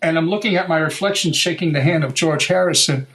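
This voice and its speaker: An older American man, a guitar maker, telling a story in a lively, casual way, swearing now and then and acting out what people said. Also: fairly high pitch, fast talker, rough recording. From United States. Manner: animated, swears, acts out quotes. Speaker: guest luthier.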